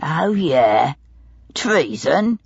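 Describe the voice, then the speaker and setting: Casting: woman doing a hulking rough man, husky and low, muffled audiobook sound. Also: big pitch swings, drawn-out words, darkish tone, no room sound, exaggerated voice. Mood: sullen. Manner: rough, belligerent, coarse slang. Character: burly gruff male London lodging-house man.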